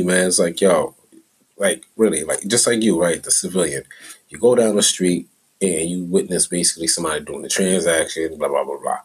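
A man's voice: low-pitched, a little fast, husky, low-quality recording. A middle-aged man talking in a loose, profane, rambling monologue as a podcast host, drifting from mumbles into heated rants.

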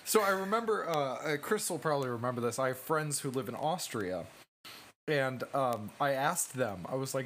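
A man's voice: mid-range voice, animated, normal speed, fairly bright tone, slight background noise. A young man co-hosting a casual movie podcast, telling stories loosely and laughing along. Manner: laughing, loose storytelling with swearing. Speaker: podcast co-host. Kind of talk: casual chat.

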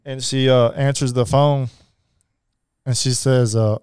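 A man telling his life story as a podcast guest, halting, with many fillers and restarts. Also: mid-range voice, level tone, darkish tone, clean tone, no echo, studio quality. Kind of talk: personal storytelling.

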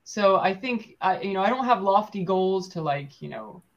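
A woman's voice: medium pitch, expressive, normal speed, lo-fi sound. A woman puppeteer talking casually in an interview, full of fillers and restarts. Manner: chatty, with many fillers and restarts. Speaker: puppeteer guest.

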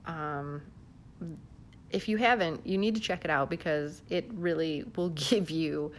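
Speaking at a measured pace in a low voice, a woman from the southern US vlogs casually to camera at home, laughing frequently and using lots of fillers. She holds her phone, and there's slight hiss or hum.

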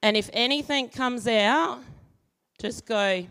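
A woman giving a sermon, moving from an animated story with acted-out voices to calm teaching and prayer. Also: lowish voice, a little slow, vocal fry. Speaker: church speaker. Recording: long hall reverb.

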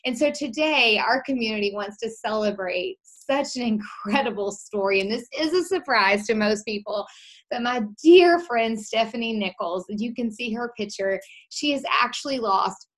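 A woman's voice: on the high side, moderate pace. A woman hosting an online community event, speaking in an upbeat, encouraging and emphatic way. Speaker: host of an online weight-loss group event. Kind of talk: motivational hosting.

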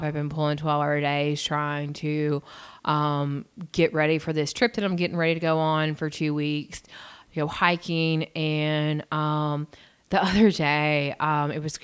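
Low-voiced woman telling a story. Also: clear, resonant tone. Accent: regional accent. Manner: animated storyteller, acts out quotes. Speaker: podcast co-host. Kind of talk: casual storytelling chat.

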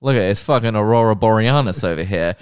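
A man voicing a brash, foul-mouthed female bone scientist in a mocking sitcom delivery, close to his own low voice. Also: fast talker, clear, resonant tone, no echo, close to an everyday voice.

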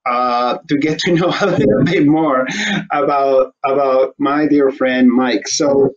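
On slightly muffled audio, a man hosts an easygoing interview program, wandering off on tangents, joking, and laughing frequently. He speaks at a medium pitch with a steady tone and a measured pace.

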